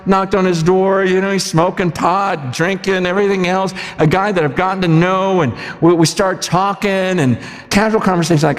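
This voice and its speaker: Male pastor, slightly higher voice, animated conversational sermon, long hall reverb. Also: moderate pace. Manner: animated, conversational storytelling with bursts of shouting. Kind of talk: sermon storytelling.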